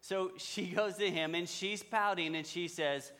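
A man's voice: sits high, fairly even intonation, a little slow, hardly any pauses, a bit bright. Man preaching in a chatty storytelling way. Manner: conversational storytelling, addresses the men directly. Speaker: pastor. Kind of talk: sermon.

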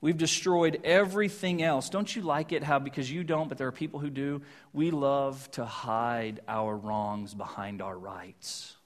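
A man preaching a sermon that retells a Bible story, talking conversationally with jokey asides and hushed points for emphasis. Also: mid-range voice, fairly even intonation, unhurried, few pauses. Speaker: pastor.

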